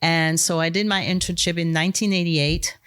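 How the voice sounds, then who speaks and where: A woman in her sixties with a French accent, a guest winemaker telling her story in a relaxed interview. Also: on the low side, moderate pace, clear, resonant tone. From France. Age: 60s. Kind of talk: interview conversation.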